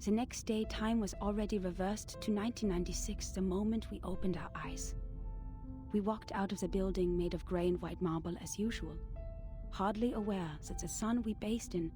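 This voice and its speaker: A woman voicing the solemn author of a secret report in a game, reading it out in a measured, grave way. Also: medium pitch, fairly even intonation, music in the background, close to an everyday voice.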